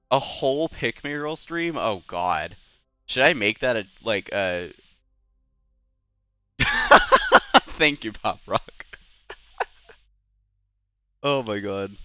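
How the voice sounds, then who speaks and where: Young male streamer who chats and rambles. Bright, crisp voice with a lively lilt. Dry, lo-fi mic. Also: fairly low pitch, no room sound. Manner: rambling and chatty, full of "like" and "anyways". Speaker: Twitch streamer. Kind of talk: casual live-stream chat while gaming.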